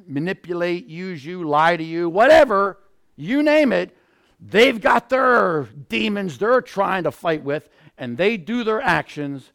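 A male pastor preaching a sermon, animated, acting out little scenes and bursting into shouts. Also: high voice, creaky, clean tone. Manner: animated, acts out scenarios, sudden shouts.

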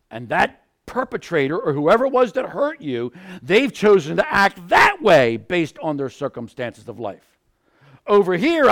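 A male pastor preaching a sermon, animated, acting out little scenes and bursting into shouts. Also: high-pitched, creaky. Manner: animated, acts out scenarios, sudden shouts.

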